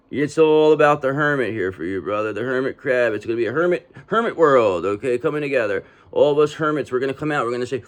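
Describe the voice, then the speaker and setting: Male tarot reader, casual and streetwise, keeps checking in with "okay?", mid pitch. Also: a little mellow. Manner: street-talking, repetitive, reassuring with frequent "okay?". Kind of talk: casual tarot reading monologue.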